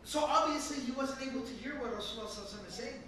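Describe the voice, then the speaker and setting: A man with a very high, bright voice teaches a Quran commentary lesson, pressing each point with earnest emphasis. He is recorded by a camera from some distance in a large mosque hall, so his voice rings with heavy echo. A faint hum of the room sits underneath. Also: rapid-fire. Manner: earnest, emphatic explaining with Arabic recitation. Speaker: Islamic teacher.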